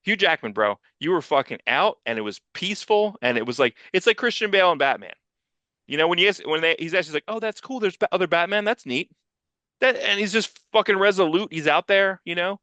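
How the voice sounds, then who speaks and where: Man, casual podcast co-host, bright forceful voice, dry close sound, rambling and cursing, animated. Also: high-pitched, fast talker, dry recording. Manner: rambling, profane, animated, acts out quoted voices. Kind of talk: casual comics podcast chat.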